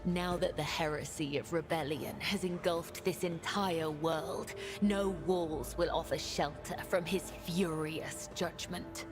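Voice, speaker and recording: A woman's voice: deep voice, fairly even intonation, takes it slowly. A woman voicing a grim, zealous preacher in a video game, solemn and declamatory, over music. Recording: game audio with music behind.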